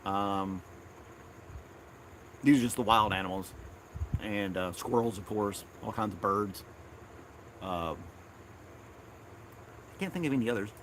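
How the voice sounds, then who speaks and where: A man's voice: lowish voice, measured pace, pauses often, fairly bright tone, a little hiss or hum. A man from Tennessee, hosting a casual live stream outdoors in his backyard, rambling and chuckling often.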